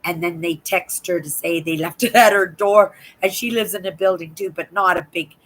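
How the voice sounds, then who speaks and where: An older woman with a hoarse voice, chatting in a rambling way on her live stream from home and repeating words. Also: fairly low pitch, fairly even intonation, moderate pace, fairly bright tone, rough recording. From Canada. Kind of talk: casual chat. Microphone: laptop.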